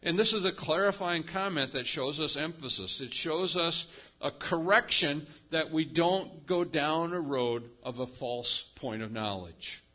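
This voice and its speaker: A male pastor preaching a sermon with emphatic delivery, swinging between loud, high-pitched bursts and quiet, low drops. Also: unhurried, muffled recording. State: lives with chronic pain.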